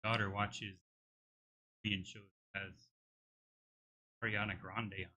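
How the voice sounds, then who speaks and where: Husky-voiced man thinking aloud. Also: on the low side, level tone, takes it slowly, pushed and bright. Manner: hesitant, many restarts while working things out. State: tired throat. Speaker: game developer streaming live. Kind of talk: thinking aloud while live coding.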